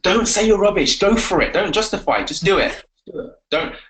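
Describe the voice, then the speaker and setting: A man coaching on a live webinar, energetic and repetitive, giving pep talks. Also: high voice, brisk, low-quality recording. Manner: energetic, pep-talking, repeats himself. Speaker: confidence coach.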